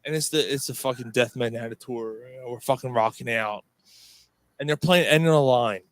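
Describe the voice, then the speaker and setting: A man's voice: medium pitch, a little fast. A man hosting a podcast, telling a rowdy story in casual chat, swearing constantly and laughing as he goes. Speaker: podcast host.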